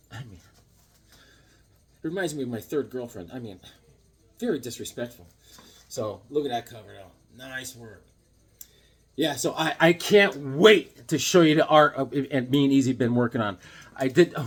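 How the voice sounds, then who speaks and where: A man rambling through his comic book haul in a casual vlog, cracking jokes and interrupting himself. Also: on the high side. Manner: jokey, rambling, self-interrupting.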